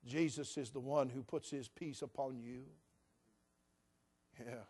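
A male pastor, preaching a sermon that moves between hushed, soft passages and loud, emphatic declarations, slowing down to stress key phrases. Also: mid-range voice, fairly even intonation, husky.

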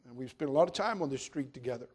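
A middle-aged male pastor delivering a sermon at an ordinary, mid-range pitch. He tells his story plainly, then swells into loud, emphatic preaching. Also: lively intonation, very fast, slightly rough.

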